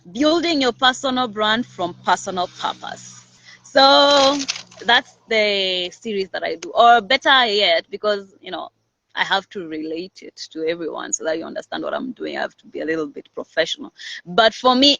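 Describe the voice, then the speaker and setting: A woman's voice: fairly low pitch, dry recording, muffled recording. A woman hosting a personal branding series, talking casually and confidently to her audience and often checking in with "all right?". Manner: energetic, confident, animated, with many "all right?" check-ins. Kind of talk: casual motivational talk to camera.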